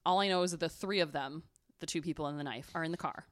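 Low-voiced young woman telling a story. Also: fast. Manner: chatty, giggly, rambling with many fillers. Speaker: podcast co-host. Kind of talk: casual storytelling chat.

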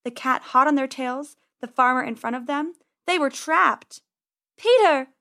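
A woman narrating a children's storybook in a gentle, expressive read-aloud manner. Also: high-pitched, normal speed.

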